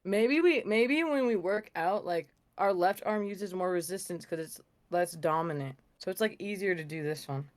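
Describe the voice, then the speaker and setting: A young woman co-hosting a casual podcast, talking in an animated, slangy way and laughing often. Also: fairly low pitch, normal speed, hardly any pauses. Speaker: podcast co-host. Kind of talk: casual chat. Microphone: video call.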